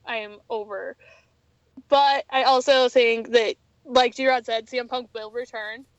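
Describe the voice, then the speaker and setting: A woman with a somewhat high voice joins a casual wrestling chat, blunt and a little exasperated in her opinions. The sound is dry and slightly muffled. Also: fairly even intonation, measured pace, clear, resonant tone, no echo. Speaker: podcast co-host.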